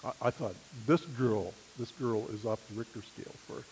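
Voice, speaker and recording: A man preaching a sermon, telling a personal story with an animated manner and acting out other people's voices. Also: mid-range voice, normal speed, a little hiss or hum, low-quality recording.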